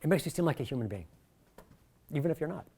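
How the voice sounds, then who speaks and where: A middle-aged man leading a workshop, talking in a jokey, animated way and swinging his pitch and volume a lot. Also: fast, husky. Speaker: workshop presenter. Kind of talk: lively workshop talk.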